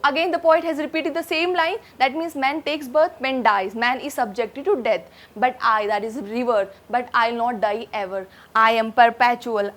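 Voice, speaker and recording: A woman teacher with an Indian English accent explaining a poem line by line, repeating words for emphasis. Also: sits high. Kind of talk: poetry lesson explanation.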